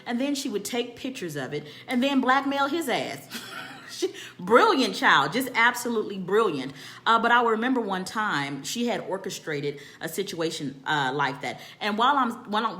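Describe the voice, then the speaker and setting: A woman telling a personal story in a candid, animated and profane way, often repeating phrases for emphasis. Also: mid-range voice. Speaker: storytelling vlogger.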